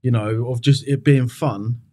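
A man's voice: medium pitch, fairly even intonation, unhurried, dark tone. A young man, a podcast guest telling his story candidly, with plenty of swearing. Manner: frank, sweary, confessional.

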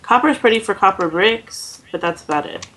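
A woman with an Oklahoman accent, chatting in a relaxed, dry way while gaming with a friend. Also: mid-range voice, normal speed, slight background noise, poor audio. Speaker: gamer. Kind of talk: casual let's-play chat.

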